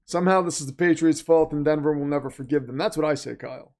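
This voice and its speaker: A man hosts a live-stream watch party and reacts to the chat in a chatty, sarcastic way. His voice sits a little high for a man. He jokingly plays the villain. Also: fast talker, a little mellow. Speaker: watch party livestream host reading chat.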